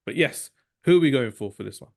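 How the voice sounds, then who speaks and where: A man's voice: medium pitch, expressive, gravelly. A man co-hosting a football podcast, chatting casually and cracking jokes. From England. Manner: jokey, chatty, rapid asides. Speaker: podcast co-host.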